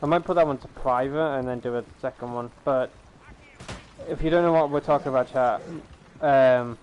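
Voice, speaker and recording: A man's voice: medium pitch, darkish tone, a little hiss or hum. Rambling male gamer on a headset mic. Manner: rambling, lots of fillers and restarts. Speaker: gaming streamer. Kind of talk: casual chat over gameplay. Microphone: gaming headset.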